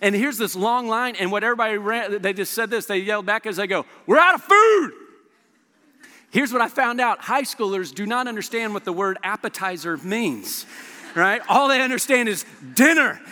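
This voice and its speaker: High, bright-voiced preacher man in a hall. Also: fairly quick. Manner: energetic storytelling with quoted asides. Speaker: pastor. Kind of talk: sermon. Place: church auditorium. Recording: echoey hall.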